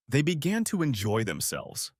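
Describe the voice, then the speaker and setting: A man narrating a first-person story in an expressive storytelling manner. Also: medium pitch, normal speed, no room sound, studio quality.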